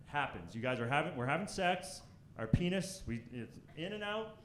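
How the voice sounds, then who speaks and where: Young man, stand-up comedian, from Canada, crude and brash, high lively voice, echoey room, crowd laughing. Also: normal speed, a little hiss or hum. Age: young adult. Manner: brash, crude, swings into loud high-pitched voices for quoted people. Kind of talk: stand-up set. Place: comedy club stage before a live audience.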